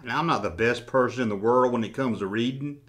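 A man's voice: medium pitch, fairly quick, a bit bright. A man hosting a casual vlog who talks with sarcastic jokes and swears freely. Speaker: toy collecting YouTuber. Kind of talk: casual vlog, reading comments.

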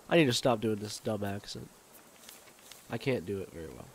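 A man's voice: on the low side, lively intonation, moderate pace, gravelly, long pauses, slight background noise. A man casually commenting on a survival video game as he plays, thinking aloud and rambling with fillers. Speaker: gamer. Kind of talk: let's play game commentary.

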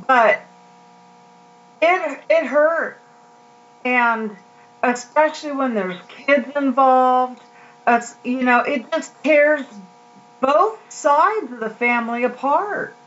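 A woman's voice: high voice, a bit bright, muffled recording. A woman giving a casual, heartfelt devotional talk to her viewers, rambling with many fillers and restarts. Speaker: Christian vlogger.

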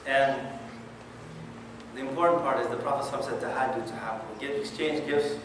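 A man's voice: medium pitch, normal speed. A man giving a conversational religious talk, often asking his listeners questions. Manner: conversational, animated, asks the audience questions. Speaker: Islamic lecturer. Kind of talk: sermon. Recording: echoey hall from far off, noisy.

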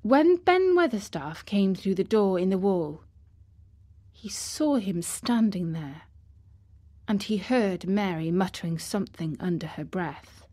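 A woman reading a classic children's novel as audiobook narration, measured and steady. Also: medium pitch. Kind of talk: scripted narration.

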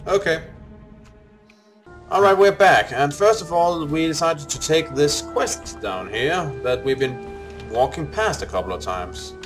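An easygoing man chatting through a co-op game session with friends, sometimes reading quest text aloud. His voice is a touch high and moves around a lot. Faint music plays behind him. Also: expressive, a little slow. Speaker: co-op game player. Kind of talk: casual let's-play chat.

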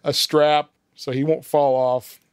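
A man talks through a film's plot step by step, chuckling as he goes. His voice sits fairly high. The sound is dry and close. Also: flat delivery, slow, clean tone, no echo. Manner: walks through the plot step by step, laughing often. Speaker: podcast host recapping a film. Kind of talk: casual film discussion.

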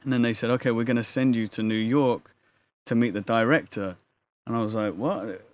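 A man's voice: mid-range voice, steady tone, a little fast, clear, resonant tone. Rambling man telling a story. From England. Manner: rambling, full of "sort of" and quoted dialogue. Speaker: actor, interview guest. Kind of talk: casual interview storytelling.

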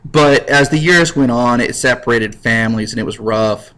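A man's voice: mid-range voice, normal speed, fairly bright tone, low-quality recording. A man teaching a history lecture in a casual, jokey way, acting out little scenes. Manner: jokey, acts out scenes in voices. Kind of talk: recorded classroom lecture.

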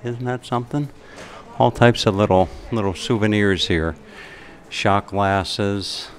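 A man's voice: lowish voice, slow. A man filming a casual travel vlog in a roadside café, chatty and enthusiastic, rambling with restarts. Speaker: travel vlogger.

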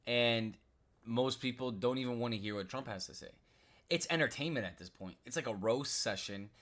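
This American commentary vlogger speaks in a lowish voice that sounds pushed and bright. His political rant is frustrated and repetitive, peppered with "bro" and "like."

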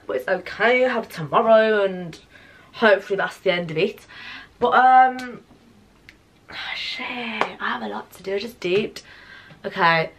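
A woman's voice: fairly high pitch, noisy background. A young woman talks straight to her camera at home. She rambles from one thought to the next in a playful, chatty way and keeps turning to her viewers with little asides. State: out of breath. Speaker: vlogger. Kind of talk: casual vlog to camera. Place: home, indoors.

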